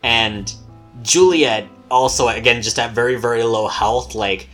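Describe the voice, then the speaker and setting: A man's voice: medium pitch, a little slow, a bit bright, faint music behind. A man who runs the game casually recounting a tabletop session, rambling with lots of fillers and the odd swear word. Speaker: game master.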